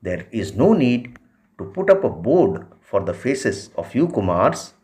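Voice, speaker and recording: A man reading out a spiritual discourse in a measured way, often posing questions to his listeners. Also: lowish voice, very animated, a little mellow.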